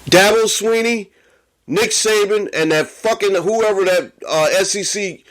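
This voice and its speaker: Man, high-pitched voice, angry sports rant, heavy swearing, podcast host. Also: a little slow, fairly bright tone.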